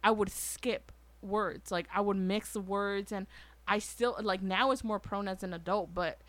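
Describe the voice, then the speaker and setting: A woman's voice: medium pitch, measured pace, dry recording. A woman chatting casually on a podcast, telling school stories and acting out other people's lines. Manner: animated, acts out quoted voices, swears casually. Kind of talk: casual storytelling chat.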